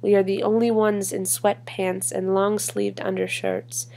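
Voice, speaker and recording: A woman performing a spoken word poem in a measured, deliberate way with long pauses. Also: medium pitch, sing-song, gravelly, dark tone. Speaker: poetry reader. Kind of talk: spoken word poetry reading.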